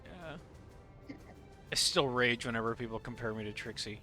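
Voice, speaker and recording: Bright-voiced man streaming casually. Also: mid-range voice, normal speed, long pauses, soft background music. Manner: laughs often, swears freely. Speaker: game streamer. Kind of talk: casual live-stream chat.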